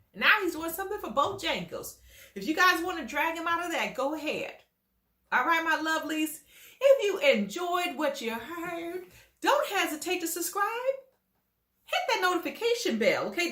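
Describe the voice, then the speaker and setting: A woman hosting a reality TV gossip commentary show, talking in a sassy, animated way and leaning hard on her emphasis. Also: very high voice, roomy sound.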